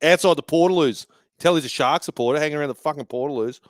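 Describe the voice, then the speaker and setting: Speaking fast in a fairly high voice, a man runs a fan live stream from a bar. His match commentary and banter are casual and sweary, and the audio is clean studio sound without echo.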